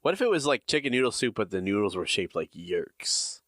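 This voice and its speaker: A man's voice: lowish voice, big pitch swings, a little fast, fairly bright tone, no echo, studio quality. A man co-hosting a casual podcast, chiming in with wry jokes about a TV episode. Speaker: podcast co-host.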